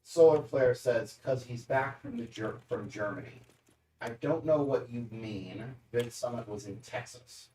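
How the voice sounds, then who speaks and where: Brief: man, mid-pitched stream co-host, dry and wry, roomy and off-mic. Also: a little slow, dark tone. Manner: dry, wry, reads viewer messages aloud. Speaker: co-host reading chat. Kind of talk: casual livestream chat. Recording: echoey, distant from the mic.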